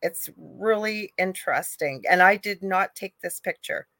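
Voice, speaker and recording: A middle-aged woman co-hosting a live chat, telling a ghost story in an animated way. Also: mid-range voice, a little slow, dry recording. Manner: animated storyteller, acts out quoted voices. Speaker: co-host, psychic medium.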